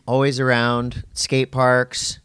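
A man's voice: mid-range voice, completely flat delivery, slow, a bit bright, clear, resonant tone. A man co-hosting a podcast, teasing and joking in off-the-cuff banter. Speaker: podcast co-host.

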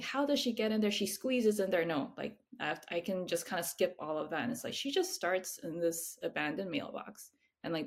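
A woman, a picture book author, chatting casually in an interview, hesitant and full of "like" fillers, often laughing. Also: on the low side.

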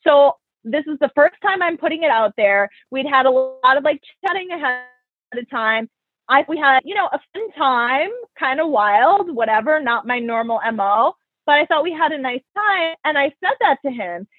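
A young woman hosting a casual chat, telling a story in an animated, profane way and acting out what others said. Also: sits high, normal speed, dry recording. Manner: animated, profane, quotes people in her stories. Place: New York. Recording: tinny phone-like audio.

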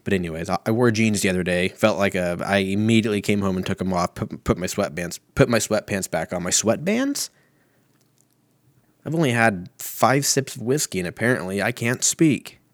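Low-voiced man rambling profanely at home. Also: a little fast, few pauses, no echo, clean studio sound. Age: 30s. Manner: profane, rambling and self-mocking. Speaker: podcast host. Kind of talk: casual solo podcast rambling.

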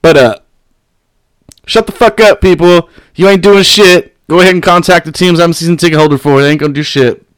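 A man hosting his own podcast, ranting at his critics with constant swearing and mocking laughter, high on weed. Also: fairly quick, clean tone, no room sound. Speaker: podcast host. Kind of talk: profane solo podcast rant.

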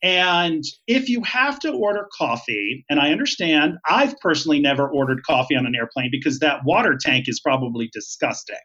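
A chatty, emphatic man speaks as a podcast guest. His voice is fairly high for a man. The recording is dull and lo-fi. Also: lively intonation, fairly quick, hardly any pauses, sharp tone. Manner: chatty and emphatic, laughs easily. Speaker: podcast guest, retired flight attendant. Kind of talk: casual interview. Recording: dull lo-fi sound.

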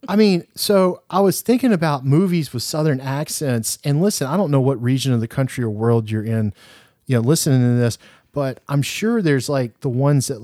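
A man co-hosting a podcast, talking in a chatty, animated, jokey way. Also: mid-range voice, dry recording, studio quality. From Louisiana. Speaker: podcast co-host. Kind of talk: casual chat.

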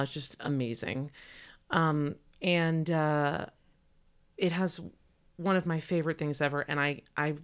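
A woman's voice: low voice, clear, resonant tone. A woman co-hosting a podcast, chatting with enthusiasm about a movie she loves, with plenty of fillers. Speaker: podcast co-host. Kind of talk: casual chat about a movie.

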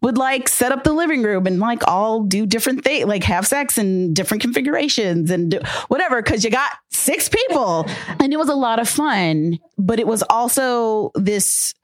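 A woman on a podcast, candidly telling a personal story in casual chat, animated and full of fillers. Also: a little high, moderate pace, no echo. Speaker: podcast guest.

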